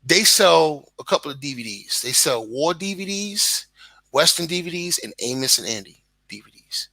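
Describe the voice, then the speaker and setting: A man's voice: on the high side, lively intonation, normal speed, pushed and bright, no echo, rough recording. A man with a Brooklyn accent talking emphatically and with plenty of profanity in a casual live-stream chat. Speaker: guest content creator.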